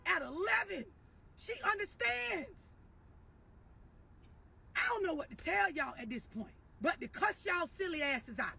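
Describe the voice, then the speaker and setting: High bright scolding woman ranting. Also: animated, measured pace, gravelly, pauses often, slight background noise. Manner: blunt, scolding, mocking. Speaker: online commentator. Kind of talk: profane ranting monologue.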